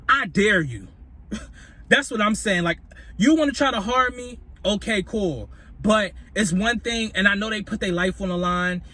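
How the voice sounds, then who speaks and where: A man telling a profane, animated story in a casual vlog at his workplace on a break, swinging between loud outbursts and mutters. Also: high voice.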